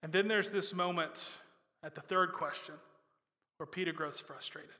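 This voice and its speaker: A man's voice: high voice, moderate pace. Emphatic male preacher in a reverberant hall. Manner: emphatic, swinging from loud to soft. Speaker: pastor. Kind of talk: sermon.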